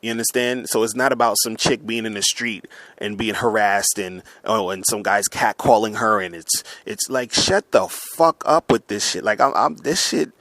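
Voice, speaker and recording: A man's voice: lowish voice, steady tone, moderate pace, sharp tone, no echo. A man in an angry, profane monologue, stumbling over words and restarting as he rants to his listeners. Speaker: online men's coach. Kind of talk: heated monologue rant. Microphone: audio recording for upload.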